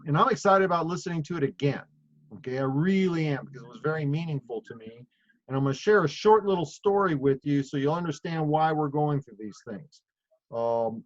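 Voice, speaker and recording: A middle-aged man leading a group call with a casual, rambling, storytelling way of talking and many fillers. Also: mid-range voice. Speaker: leader of a sales group call. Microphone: phone or video call. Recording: muffled call audio.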